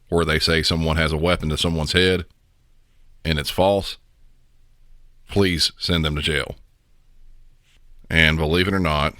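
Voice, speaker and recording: Deep male host voice, monotone, bright tone, dry close sound, blunt and opinionated. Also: no echo. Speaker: podcast host. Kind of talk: commentary on recorded calls.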